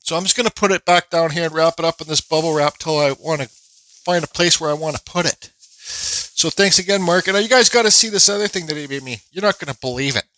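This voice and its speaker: A bright, somewhat high-voiced man rambles casually through his workshop vlog, full of fillers and restarts. He says he feels unwell, and his voice is recorded close and dry with no room sound. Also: a little fast, dry recording, rough recording. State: feeling unwell. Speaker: woodcarving channel host.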